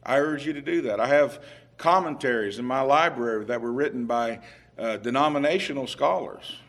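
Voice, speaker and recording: A male preacher giving a sermon in a middle-range voice. He speaks at an unhurried pace and presses hard on his main points, getting louder as he stresses them. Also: mid-range voice. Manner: emphatic, rising in volume on scripture quotes; unhurried, with fillers and restarts.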